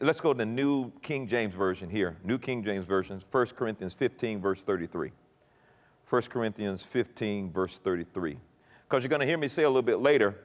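A man preaching a sermon, lively and emphatic, often repeating words and acting out quoted conversations. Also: medium pitch. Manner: animated, repeats words, acts out quoted dialogue. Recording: long reverb in a large hall.

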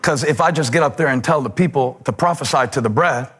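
A man preaching a sermon in a husky, slightly breathy voice at a middle pitch. He builds rhythm through repeated phrases and sinks to a near hush on key words. Pastoral and emphatic, speaking to a congregation. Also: fast.

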